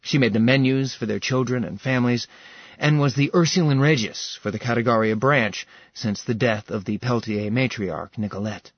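A man narrating an audiobook in a measured storytelling style. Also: mid-range voice, husky, no echo. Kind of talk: scripted narration. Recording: dull slightly lo-fi dry recording.

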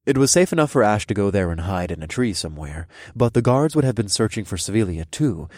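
Lively low-voiced male narrator. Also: fast talker, no room sound, clean studio sound. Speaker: audiobook narrator. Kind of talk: scripted first-person fantasy narration.

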